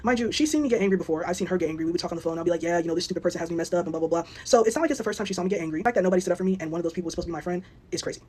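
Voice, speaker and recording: A young woman telling a storytime vlog, animated and indignant. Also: lowish voice, very fast, hardly any pauses, husky. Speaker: vlogger. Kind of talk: storytime monologue.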